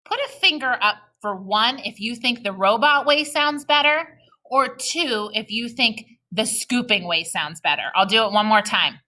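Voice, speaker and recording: A woman teacher's voice, on the high side, expressive, bright and forceful, guides young children through a recorded reading lesson. She speaks with patient encouragement and reads sample sentences very slowly.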